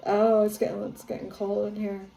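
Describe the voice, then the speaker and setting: A woman psychic medium talking casually on her home vlog, rambling with many fillers and growing excited as she channels spirits. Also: medium pitch, moderate pace, vocal fry, echoey room, rough recording. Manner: grows excited and awed while channeling. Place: her home, near living room and kitchen.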